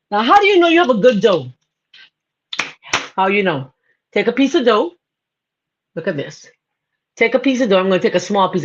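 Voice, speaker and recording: Bahamian woman, home cook host, casual and chatty, muffled livestream audio. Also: medium pitch. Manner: chatty, laughs often, greets viewers by name. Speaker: cooking show host. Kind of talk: casual live cooking demo.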